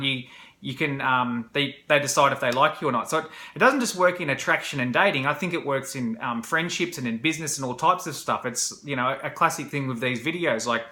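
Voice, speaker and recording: A man shares his story in a casual, rambling vlog, full of fillers and restarts. His voice is bright and forward. The room around him rings with a noticeable echo. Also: on the high side. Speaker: vlogger. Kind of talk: candid personal storytelling to camera. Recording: roomy echo.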